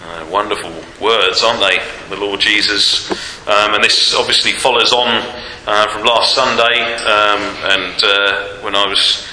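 Bright-voiced preacher in a reverberant hall. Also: male voice, on the low side, steady tone, measured pace, hardly any pauses. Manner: rhetorical, many tag questions and fillers. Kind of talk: sermon. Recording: roomy hall reverb, faint noise.

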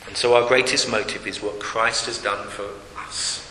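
Male preacher, high and sharp voice, emphatic, repetitive sermon delivery, long hall reverb. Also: fairly even intonation, moderate pace, few pauses. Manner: emphatic, repeating phrases, dropping to hushed tones. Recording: echoey hall with faint hiss.

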